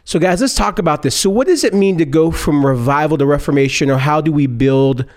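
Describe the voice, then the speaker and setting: A man's voice: on the high side, brisk, a little mellow. A man co-hosting a podcast, casually interviewing guests with enthusiastic, affirming interjections. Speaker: podcast co-host.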